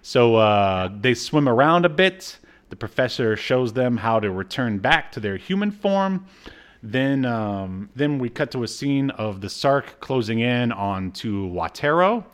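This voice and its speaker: A man's voice: medium pitch, expressive, measured pace. A man co-hosting a podcast, casually recapping a cartoon episode with jokes and lots of fillers. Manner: laid-back, joking, many fillers. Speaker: podcast co-host.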